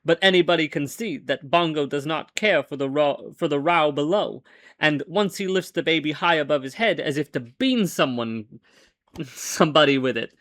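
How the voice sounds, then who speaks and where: A man hosting a show and reading an old-fashioned story aloud, with wry, deadpan storytelling and small stumbles. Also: fairly high pitch, normal speed, no echo. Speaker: host and reader.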